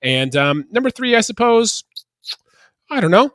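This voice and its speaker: A man from Canada hosting a casual sports podcast, chatty and quick to laugh while asking his co-host questions. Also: sits high, big pitch swings, fairly bright tone, dry recording.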